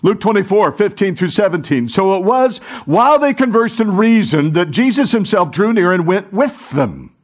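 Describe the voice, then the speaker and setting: A man preaching a sermon to a congregation, animated, talking with the room and acting out the quoted voices. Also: high voice, moderate pace, hardly any pauses. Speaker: pastor.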